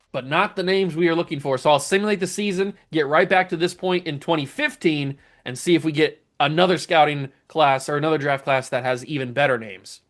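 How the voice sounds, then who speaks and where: A man's voice: a little high, fairly bright tone. A young man hosting a gaming channel, chatting casually and laughing while reading through odd player names. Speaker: gaming YouTuber host. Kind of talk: casual game commentary.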